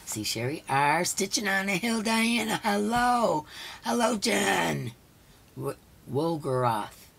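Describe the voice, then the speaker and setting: A hoarse woman hosting a casual live stream. She chats along and greets each viewer by name. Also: medium pitch, sing-song, slow, fairly bright tone. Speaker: livestream host.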